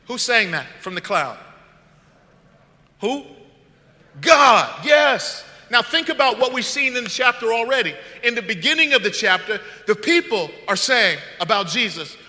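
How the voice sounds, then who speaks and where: A man with a high, very bright and forceful voice preaches a sermon, talking with his congregation and throwing questions at them. The sound carries a long reverb from the church hall he speaks in. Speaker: pastor. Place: church sanctuary.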